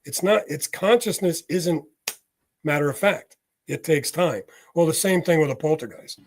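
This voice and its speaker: A man's voice: a little high, normal speed, a little hiss or hum. A man, a medium, talking casually in an interview, explaining ideas with homely examples and often checking in with "right?". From United States. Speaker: guest, medium.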